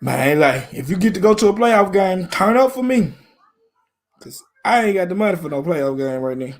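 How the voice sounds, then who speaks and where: A man's voice: sits high, sing-song, normal speed. A man from Memphis with a Southern accent, hosting a casual live stream about football in a laid-back, slangy way. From Memphis, Tennessee.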